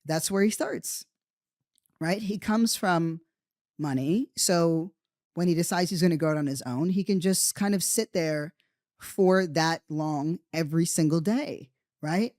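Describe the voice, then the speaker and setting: Podcast host, casual rambling monologue, mid pitch, dry close sound, swears a lot. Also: unhurried, a little mellow, dry recording. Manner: rambling, profane, peppered with "right?" and "you know".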